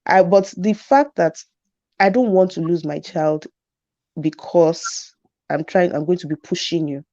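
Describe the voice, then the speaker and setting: A woman's voice: on the low side, a little slow, dark tone, dry recording. Earnest woman guest on a dull recording. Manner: earnest, emphatic, laughs easily. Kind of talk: casual conversation.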